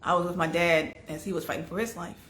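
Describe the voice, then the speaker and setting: A woman host talking candidly and emotionally about grief, her voice wavering between soft and loud. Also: on the low side, steady tone, quick pace, reverberant. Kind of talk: candid personal talk on grief.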